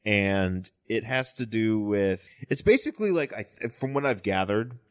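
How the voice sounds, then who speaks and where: A man's voice: on the low side, expressive, moderate pace, no echo, studio quality. A man co-hosting a casual chat, stammering and laughing as he eagerly retells a story. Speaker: podcast co-host.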